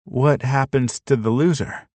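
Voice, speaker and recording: A man voicing a curious, shy young woman who asks questions with gentle sarcasm. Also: mid-range voice, steady tone, unhurried, no echo, voice pushed up, lightly acted.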